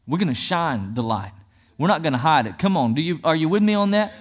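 A man's voice: on the high side, expressive, a little fast. A male pastor preaching a sermon in an emphatic, repetitive cadence.

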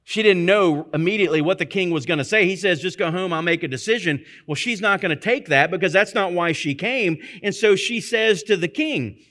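A man's voice: high-pitched, brisk, few pauses, a bit bright. A man teaching from the Bible in a conversational sermon, often checking in with his listeners through rhetorical questions. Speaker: preacher.

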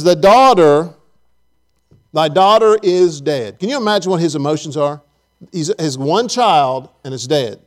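High-voiced man preaching a sermon. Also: darkish tone. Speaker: pastor.

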